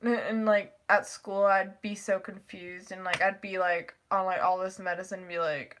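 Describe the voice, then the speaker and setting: A woman's voice: medium pitch, moderate pace. Rambling teenage girl telling a story. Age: teens. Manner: rambling, animated retelling with frequent "like" and laughs. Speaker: vlogger. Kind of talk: casual storytime vlog.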